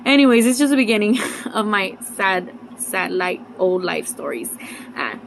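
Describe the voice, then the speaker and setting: A woman's voice: medium pitch, sing-song, moderate pace, vocal fry, a little hiss or hum, poor audio. A young woman telling a personal story in a vlog. She rambles and confides, uses a lot of fillers and drops in Spanish words. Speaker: vlogger.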